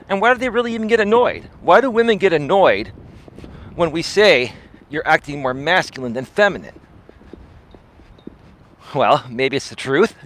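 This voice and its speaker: A man with a somewhat high speaking voice hosts a live coaching stream as he walks an outdoor trail. He talks casually but preachily, leaning on rhetorical questions. His voice comes through a foam-covered mic close to his face. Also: fairly bright tone, a little hiss or hum. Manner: conversational and preachy, with frequent rhetorical "right?" tags; talks while walking. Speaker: personal development coach and live-stream host. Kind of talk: casual live-streamed talk while walking. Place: windy outdoor bay-side trail. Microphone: clip-on mic with a foam windscreen near the face.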